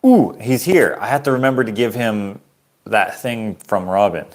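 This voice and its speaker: A rambling, easygoing man from Canada talks to his viewers in a relaxed livestream chat. His voice sits on the low side, and he chuckles at himself as he goes. He is an artist selling his prints. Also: normal speed.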